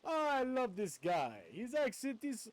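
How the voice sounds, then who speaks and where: A man's voice: very high-pitched, very animated, a little slow, no room sound. A man streaming a video game, chatting casually as he plays, rambling and stammering and poking fun at himself. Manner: rambling, stammering, self-mocking. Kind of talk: casual gameplay commentary.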